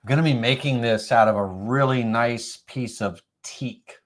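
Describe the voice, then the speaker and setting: A middle-aged man with a bit of a cold talks viewers through a woodworking design on a live stream. He rambles, stops and starts, and fills the gaps with ums and uhs. His voice sits at an ordinary middle pitch. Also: normal speed. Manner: rambling, filler-heavy, self-correcting. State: has a cold, occasional coughs.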